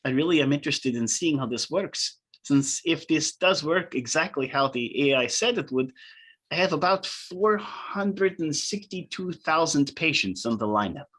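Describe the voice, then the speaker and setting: A smug, eager female scientist who speaks with formal, pleased phrasing, as a man puts her on for a tabletop game. The voice sits higher than his usual speech. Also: lively intonation, normal speed, fairly bright tone. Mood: gleeful.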